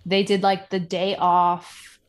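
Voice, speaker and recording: A Puerto Rican woman co-hosts a laid-back podcast about reality TV. Her voice is fairly low, level, and slow, and her talk is chatty, packed with fillers and asides.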